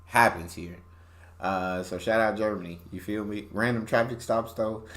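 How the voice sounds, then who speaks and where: A man's voice: lowish voice, steady tone, moderate pace, a bit bright. A man hosting a reaction video, commenting casually and emphatically, often repeating his phrases for weight.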